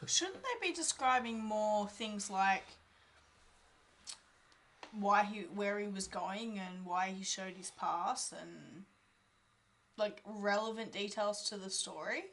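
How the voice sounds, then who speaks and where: A woman's voice: mid-range voice, takes it slowly, long pauses, fairly bright tone, slight background noise. A woman, a podcast guest, making dry, critical remarks in casual chat.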